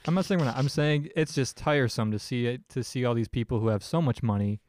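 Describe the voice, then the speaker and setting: A man's voice: mid-range voice, fast, darkish tone, no echo. A young podcast co-host with a middle-range voice who talks politics casually and keeps stalling and restarting as he searches for the right word. The sound is dry and close to the mic. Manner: hesitant, searching for words.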